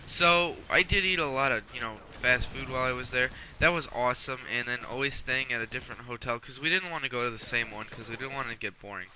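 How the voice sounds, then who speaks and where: A man's voice: mid-range voice, fast, hardly any pauses, sharp tone, slight background noise, low-quality recording. A man hosting a gaming channel, chatting casually over gameplay in a rambling way with many self-corrections.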